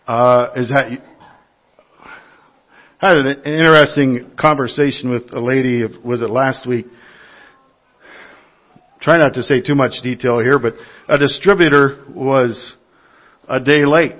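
A man's voice: medium pitch, dull audio. A man preaching a sermon to his congregation, telling everyday stories in an earnest, conversational way. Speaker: lay preacher.

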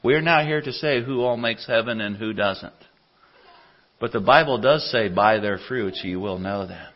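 A man preaching a sermon in a church, telling stories earnestly, his voice rising loud for scripture and dropping low and soft for personal stories. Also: moderate pace. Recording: dull lo-fi church audio recording.

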